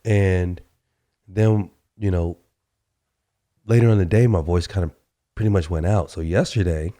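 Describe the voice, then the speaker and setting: A man with a slightly hoarse voice from a sore throat, hosting a relaxed solo podcast and chatting with many fillers. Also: low-pitched, a little slow, pauses often. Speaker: podcast host. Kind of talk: casual solo podcast talk.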